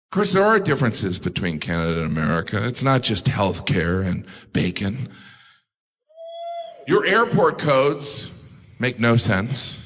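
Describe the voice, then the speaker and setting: A male stand-up comedian with a wry, deliberate delivery. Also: on the low side, very animated, a bit bright, in a large hall.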